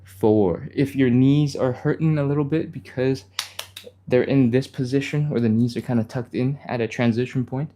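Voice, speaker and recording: A man hosting a live stretching stream, talking fast and upbeat, laughing often as he walks viewers through each move. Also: medium pitch, mellow, a little hiss or hum. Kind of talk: live workout instruction.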